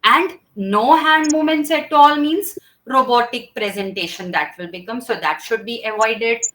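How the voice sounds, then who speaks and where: Speaking at a moderate pace in a slightly high, fairly bright voice, a woman teaches students public speaking gestures, acting out each one and explaining step by step with frequent "okay?" checks. The rough recording carries a little hiss or hum.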